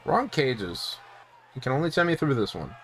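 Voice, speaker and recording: A young man giving live gameplay commentary, excitable, swearing freely and laughing often as he plays. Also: mid-range voice, normal speed, a faint crowd. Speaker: streamer.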